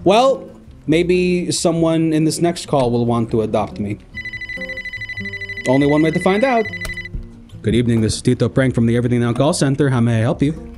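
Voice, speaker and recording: Goofy comedy host working the phones, everyday mid-range voice, light music under him. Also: male voice, mid-range voice, expressive, normal speed, pauses often. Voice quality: playful, goofy, bursts into loud pleading. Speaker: call center host character. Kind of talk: improv comedy.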